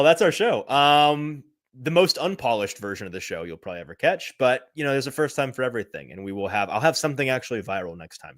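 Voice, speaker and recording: A man's voice: medium pitch, a bit bright, dry recording, clean studio sound. A man hosting a casual sports podcast, rambling through a tangent with chuckling, self-deprecating asides. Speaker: podcast host.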